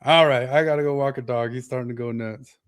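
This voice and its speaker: A man with an everyday mid-range voice, relaxed and chatty. He co-hosts a casual livestream, teasing his partner and laughing easily. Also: medium pitch, fast, smooth, no room sound, studio quality. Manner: laid-back, laughs often, teasing. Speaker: podcast co-host.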